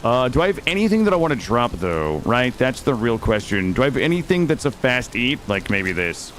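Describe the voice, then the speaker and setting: A man's voice: medium pitch, big pitch swings, brisk, fairly bright tone, slight background noise. A man streaming a video game live, chatting to his viewers in a jokey, profane, rambling way, close on a studio microphone. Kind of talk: casual live gameplay commentary. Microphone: studio dynamic mic.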